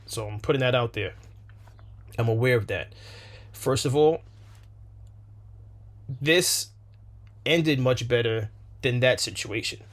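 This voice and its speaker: A man hosting a reaction video, speaking in a measured, deliberate way with hesitant fillers. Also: mid-range voice, a bit bright. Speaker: channel host. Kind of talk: reaction commentary.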